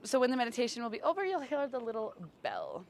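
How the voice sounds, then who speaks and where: Female yoga teacher, a little high-pitched, soft and slow guided instruction, outdoor camera-mic sound. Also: huge pitch swings. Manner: slow, gentle, soothing cues. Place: outdoors in bright sun.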